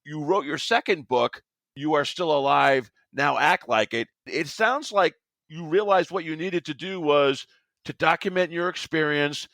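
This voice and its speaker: A man's voice: fairly high pitch, a little slow, fairly bright tone, no echo. Man hosting a podcast interview. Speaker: podcast host. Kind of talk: interview questions.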